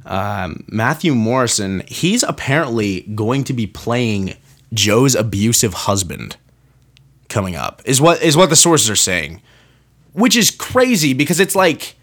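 A man's voice: medium pitch, unhurried. A young man hosting his own podcast, chatting casually and rambling with many restarts and asides. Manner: rambling, self-interrupting, animated. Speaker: podcast host. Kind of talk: casual solo podcast rant.

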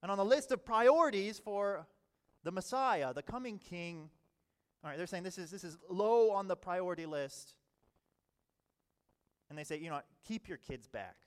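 A man preaching a sermon in a conversational way, often saying "all right" and swinging between quiet and loud passages. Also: high-pitched, moderate pace, long pauses, clear, resonant tone. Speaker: pastor.

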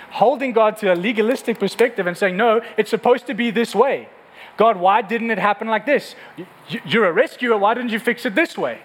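A man's voice: sits high, fairly bright tone, a little hiss or hum, rough recording. A male pastor giving a sermon to a congregation in a room, in an earnest, conversational way that often repeats words.

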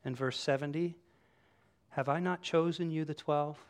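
A man preaching a sermon to his congregation, animated and conversational, acting out quoted voices as he tells the story. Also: a little high, moderate pace, smooth. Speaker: pastor. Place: church room with congregation.

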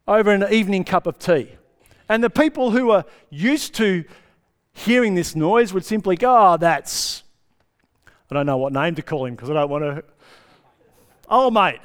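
A man preaches in a relaxed, conversational style, often checking that his listeners are following. His voice sits high and sounds smooth and resonant. The sound rings with the long reverb of a church hall. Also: brisk. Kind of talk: sermon.

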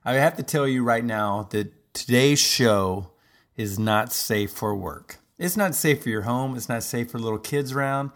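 A man's voice: mid-range voice, a little slow. A man hosting a podcast in a casual, rambling comedic monologue, full of fillers. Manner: rambling, chatty, lots of fillers. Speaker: podcast host.

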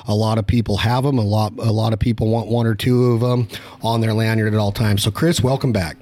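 A man's voice: lowish voice, steady tone, darkish tone, no room sound. A man from Nevada hosting a hunting podcast, chatting casually and joking with his guest. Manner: joking, teasing, rapid banter. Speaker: podcast host. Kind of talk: casual podcast chat and sponsor reads.

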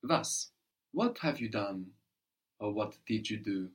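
A man's voice: lowish voice, lively intonation, slow. Patient male tutor coaching a student step by step, frequent "no?" check-ins. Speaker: language teacher. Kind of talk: one-on-one German lesson.

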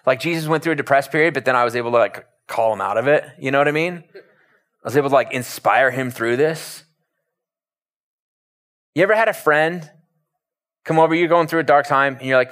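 A man's voice: mid-range voice, fairly quick, long pauses. Conversational male pastor preaching. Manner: conversational, animated storytelling. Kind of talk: sermon.

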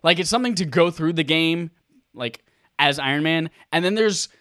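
A man co-hosting a casual gaming podcast, excitable, swearing freely and acting out his own reactions. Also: a little high, normal speed, no echo, clean studio sound. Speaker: podcast co-host.

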